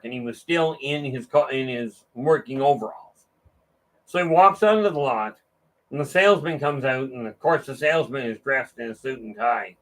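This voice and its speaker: A man's voice: mid-range voice, a bit bright, poor audio. A man giving an informal motivational talk, rambling and restarting often, acting out the voices of people in his stories. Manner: rambling storytelling with frequent restarts; acts out dialogue with raised voice. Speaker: motivational speaker. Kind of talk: casual monologue.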